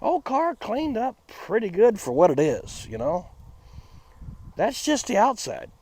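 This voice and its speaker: Animated man chatting by an old car. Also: measured pace, husky. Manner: chatty, folksy, jumps between high excited and flat monotone. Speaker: channel host. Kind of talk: casual car-restoration vlog.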